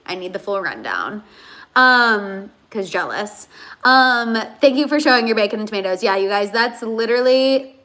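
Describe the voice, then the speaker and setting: A woman's voice: mid-range voice, sharp tone. A woman hosting a casual livestream, chatting and rambling with many fillers as she reads out comments, emotional and teary. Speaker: host.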